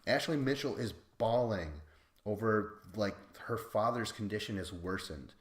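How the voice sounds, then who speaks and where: A man's voice: on the low side, measured pace. Rambling man in an echoey room. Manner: rambling, profane, self-deprecating, laughs often. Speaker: podcast host. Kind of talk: casual recap chat.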